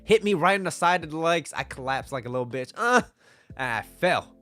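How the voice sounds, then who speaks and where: A man's voice: on the high side, fairly quick, soft background music. A man coaching on dating over slides, casual and joking as he talks. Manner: joking and animated.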